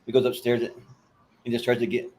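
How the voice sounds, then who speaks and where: A man co-hosting a podcast in casual chat, hesitant and full of fillers, adding quick agreement and quotes from his notes. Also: medium pitch, monotone, darkish tone. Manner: hesitant, many "like" and "yeah", short agreeing replies. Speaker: podcast co-host.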